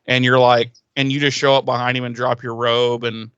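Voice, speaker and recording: A man's voice: medium pitch, fairly quick, smooth, no room sound, dull audio. Laughing, profane male podcaster. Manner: profane, laughing, animated retelling. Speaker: podcast co-host. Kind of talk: casual episode recap.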